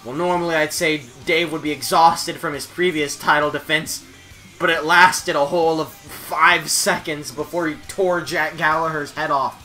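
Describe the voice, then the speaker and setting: A man giving playful, jokey play-by-play commentary on a wrestling video game, shouting at the big moments. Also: a little high, steady tone, normal speed, faint music behind.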